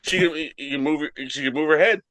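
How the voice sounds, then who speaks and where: A man co-hosting a comedy podcast, telling absurd deadpan stories and squeaking up high when he quotes his mom. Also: brisk, no echo. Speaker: podcast co-host. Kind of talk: casual comedic chat.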